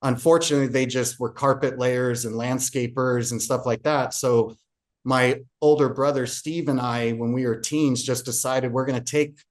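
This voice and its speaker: A man's voice: mid-range voice, steady tone, normal speed. Earnest man telling his story. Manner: earnest, frequent fillers and restarts. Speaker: podcast guest, real estate agent. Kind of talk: personal storytelling in an interview.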